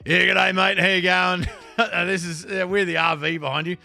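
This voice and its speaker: A man's voice: sits high, level tone, moderate pace, vocal fry, pushed and bright, dry recording, pitched above the performer's own voice, full character voice. Man putting on a broad ocker Aussie bloke. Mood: matey. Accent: broad Australian. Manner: cheery, drawling, laughing.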